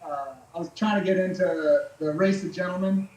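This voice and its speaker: A laid-back man spins casual stories as a podcast guest, swearing freely and leaning on fillers. His voice sits high for a man, and it rings in an echoey room. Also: steady tone, brisk, darkish tone. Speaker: podcast guest, military veteran. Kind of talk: casual storytelling chat.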